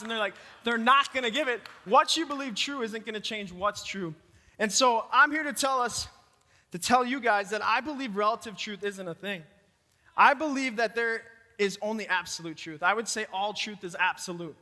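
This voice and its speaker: Youth pastor with a Minnesota accent, high bright voice, preaching energetically in a reverberant hall. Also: male voice, moderate pace. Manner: energetic, talks to the room directly. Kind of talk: youth sermon.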